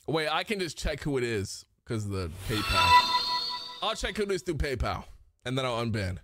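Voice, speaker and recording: A young man livestreaming and reacting to his chat, loud, excitable and swearing, recorded on a desk mic indoors. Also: mid-range voice, moderate pace, loud music behind the voice. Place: indoor streaming setup.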